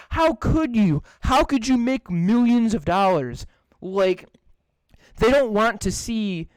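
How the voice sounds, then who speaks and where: A man's voice: high-pitched, dry recording, low-quality recording. A young man co-hosting a podcast, ranting in casual chat with lots of swearing and fillers. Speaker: podcast co-host.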